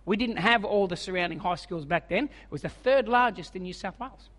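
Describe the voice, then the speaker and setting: Aussie preacher guy in his 40s, really high bright voice, funny self-mocking stories, big hall echo. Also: brisk. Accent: Australian. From Australia. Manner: humorous, self-mocking storyteller. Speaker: evangelist preacher. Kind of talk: sermon storytelling.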